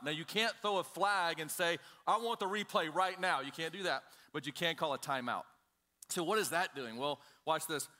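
A man's voice: on the high side, pushed and bright. A man preaching a conversational sermon, emphatic and direct, often calling on the congregation to listen. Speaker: pastor.

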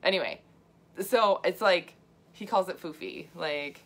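A woman's voice: on the low side, measured pace, gravelly. A middle-aged woman health coach talking casually to viewers, chatty and full of asides and fillers, laughing often. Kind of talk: casual livestream talk.

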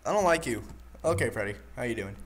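A man's expressive, fast, mid-range voice drives his horror game let's play commentary as a gaming YouTuber on a desk microphone. Jumpy and joking, he keeps nervously addressing the animatronic monsters.

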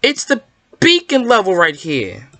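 A gamer giving excitable, rambling commentary while playing, yelping and protesting whenever a trick fools them. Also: medium pitch, unhurried, dry recording. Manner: excitable, yelps and protests when fooled; rambling, self-correcting. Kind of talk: Minecraft gameplay commentary.

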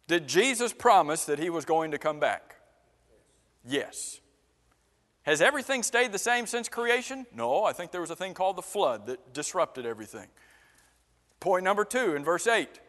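A man with a high voice preaches in a church, and long reverb trails each phrase through the sanctuary. He keeps firing questions at the congregation and repeats his words for emphasis. The talk is interactive and unscripted. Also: expressive, moderate pace, a bit bright. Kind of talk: interactive sermon.

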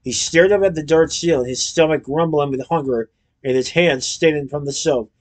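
Guy reading a kids' book out loud, lively, kinda high voice. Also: normal speed. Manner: lively storytelling with character voices. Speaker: narrator. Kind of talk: storybook read-aloud.

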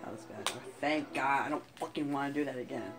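A man playing a video game, commenting as he plays, often frustrated, swearing, laughing and yelling at the game. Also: mid-range voice, brisk, poor audio. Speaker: gaming YouTuber. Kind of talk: let's play commentary. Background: game music.

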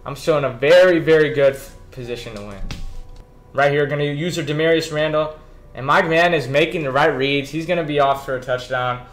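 Speaking briskly in a fairly high voice, a young gaming YouTuber talks to himself in a laid-back, slangy way while playing a football video game. Faint music and background beats play behind him.

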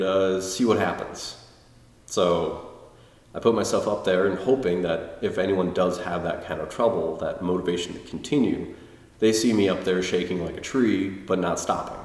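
A man casually reviewing a tai chi workshop, rambling and self-deprecating, with frequent restarts. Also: low-pitched. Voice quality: quiet, introverted. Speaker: tai chi video blogger. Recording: roomy, distant mic with long reverb.

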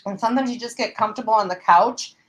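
A woman's voice: a little high, fast, low-quality recording. A woman hosting a casual craft livestream, bubbly and laughing often as she explains each step. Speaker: craft show host.

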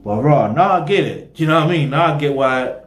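A man's voice: fairly high pitch, lively intonation, fast talker, echoey room. Rambling slangy man. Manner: rambling, slangy, talks straight to viewers. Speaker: reaction video host. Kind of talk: casual reaction commentary.

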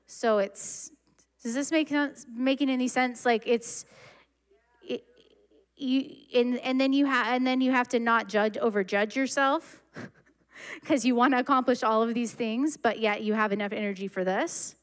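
Young woman preacher, slightly high pitch, warm conversational sermon delivery with many restarts. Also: fairly even intonation, a little slow. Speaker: church speaker.

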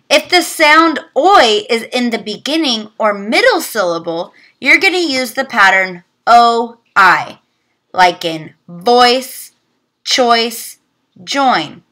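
A young woman teacher giving a virtual phonics lesson, sounding out words slowly. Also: on the high side, pushed and bright.

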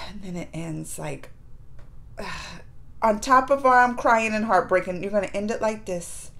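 A woman's voice: medium pitch, moderate pace, gravelly, fairly bright tone. A woman hosting a reaction video, casually and emotionally retelling scenes in colloquial speech.

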